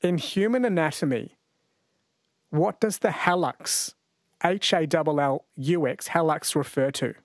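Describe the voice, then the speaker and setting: A man's voice: a little high, measured pace, no room sound. A man hosting a radio quiz show in a chatty, jokey way. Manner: chatty, jokey, laughs easily. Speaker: radio host. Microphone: studio microphone.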